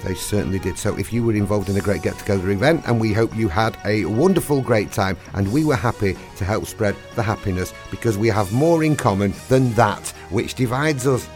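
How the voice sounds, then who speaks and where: Guy reading a charity update, upbeat and punchy, soft music under him. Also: on the low side, animated, brisk, few pauses. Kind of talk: scripted radio presenting.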